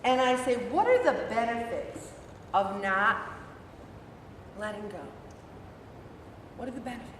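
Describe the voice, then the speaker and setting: A middle-aged woman leading a faith-based weight-loss support group in a church meeting room, acting out her own inner dialogue in an animated way. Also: fairly high pitch, unhurried, pauses often, slight background noise. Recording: echoey room from far off.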